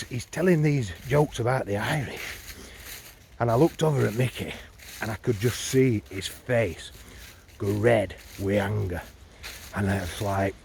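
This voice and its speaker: Man, comic monologue, chatty, rambling, middle pitch, faint hiss. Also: darkish tone. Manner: rambling, chatty, with many fillers. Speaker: comic storyteller. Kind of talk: comic monologue told as a pub tale.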